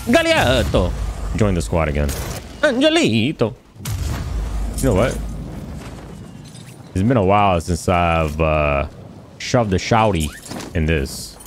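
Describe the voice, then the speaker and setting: A gaming streamer with a deep voice gives playful, casual commentary as he plays, sometimes singing along and chanting lines over and over. Game gunfire sounds behind him, along with a little hiss or hum.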